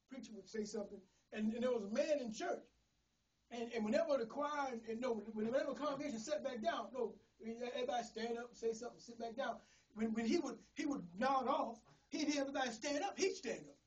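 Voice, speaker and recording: A middle-aged pastor preaching a sermon in a folksy, storytelling way, often repeating words. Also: male voice, extremely high pitch, distant mic. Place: church.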